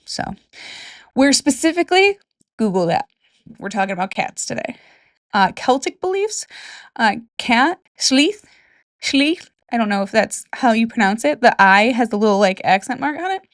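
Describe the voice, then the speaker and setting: A woman's voice: a little high, expressive, moderate pace, no echo, clean studio sound. A young woman from Michigan, speaking with a Michigan accent, hosts a casual solo talk about folklore from her bedroom, chatty and joking with whispered asides. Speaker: podcast host.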